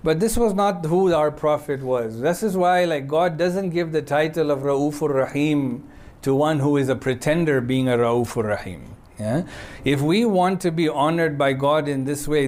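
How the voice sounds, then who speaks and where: A man preaching in a relaxed, conversational way, telling a story and often pausing to check in with his listeners. His voice sits a little high for a man, and he runs through short Arabic quotations quickly before explaining them. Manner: conversational, frequent checking "yeah?" with audience; quotes Arabic passages swiftly. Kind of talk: sermon storytelling.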